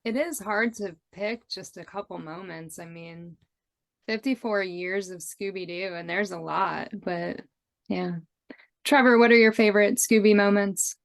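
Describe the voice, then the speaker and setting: A woman hosting a fan podcast panel, calmly passing the turn to the next speaker. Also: medium pitch, unhurried, vocal fry. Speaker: podcast host. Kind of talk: casual podcast chat.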